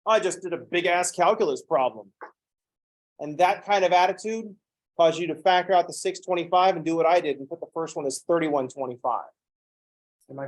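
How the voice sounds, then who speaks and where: Male math lecturer, slightly high voice, sarcastic and jokey, acts out students. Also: fairly quick, low-quality recording. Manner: joking, sarcastic asides. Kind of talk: recorded classroom lecture.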